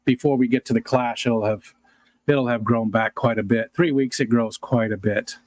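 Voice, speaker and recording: A man's voice: medium pitch, fairly even intonation, moderate pace, a little mellow, dry recording. A middle-aged man hosting a livestream, rambling casually to his viewers and chuckling often as he answers comments. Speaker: livestream host.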